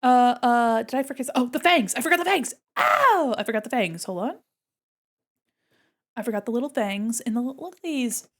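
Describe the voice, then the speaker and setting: A young adult woman chatting casually on her art livestream, excitable and gushing, giggling often. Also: on the high side, moderate pace. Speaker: art streamer.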